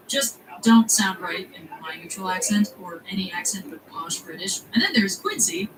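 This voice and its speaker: A woman's voice: mid-range voice, lively intonation, normal speed, hardly any pauses. A woman narrating a scripted video essay in a wry, chatty way. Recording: distant mic, noisy background.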